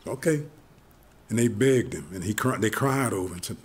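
A man preaching a sermon, retelling stories in an animated way, chuckling often and restarting his sentences. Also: lowish voice, fairly quick, slightly rough. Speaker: pastor.

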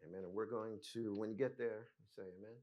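A man's voice: on the low side, steady tone, brisk, warm tone. A man preaching a teaching sermon, explaining scripture step by step and often checking in with "right?" and "amen?". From United States. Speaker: pastor.

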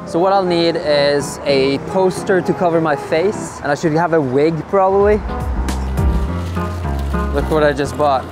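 A man from Norway talks straight to the camera in a relaxed vlog, nervous and poking fun at himself. His voice sits a little high for a man. Music plays underneath the whole time. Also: a little slow. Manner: nervous, self-mocking and joking. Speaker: vlogger. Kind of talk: casual vlog narration.

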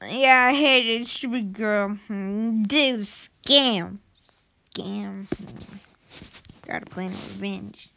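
A woman playfully narrating a game role-play, excitable and breaking into sudden shouted outbursts. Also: mid-range voice, very slow, creaky, long pauses, a little hiss or hum. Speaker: gameplay narrator.

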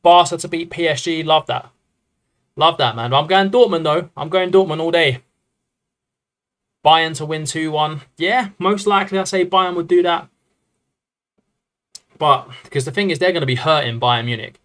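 A man streaming a football management game live, talking in a loose, rambling, excitable way. His voice sits a little on the high side for a man. He keeps calling out to his viewers as he goes. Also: normal speed, pauses often. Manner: chatty, rambling and excitable, often addressing the chat as lads. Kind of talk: casual live-stream commentary.

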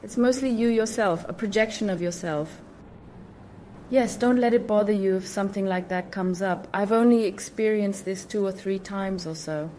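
A woman speaks in a middle-pitched, everyday voice, hosting her own channel in a relaxed monologue. She stresses points by repeating single words, and her sentences come out a little awkward. A faint background noise sits under her voice. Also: normal speed. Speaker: spiritual channel host. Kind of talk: casual explanatory monologue.

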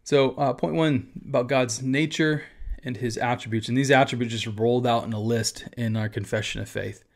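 A man's voice: mid-range voice, fairly even intonation, moderate pace. A man, a pastor, teaching about a church confession of faith in a casual, conversational way with asides.

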